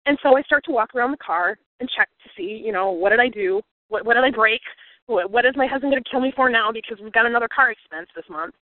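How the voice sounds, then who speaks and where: Earnest woman speaker, reflective storyteller turned life coach, fairly high voice, tinny phone-line sound. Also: quick pace, no room sound. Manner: earnest, reflective, grows emotional. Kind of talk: personal story with motivational lesson.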